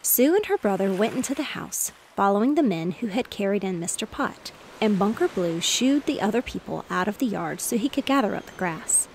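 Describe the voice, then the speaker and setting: Lady reading a bedtime story, soft and even, faint waves in back. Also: mid-range voice, a little fast, hardly any pauses, a little hiss or hum, low-quality recording. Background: ocean waves.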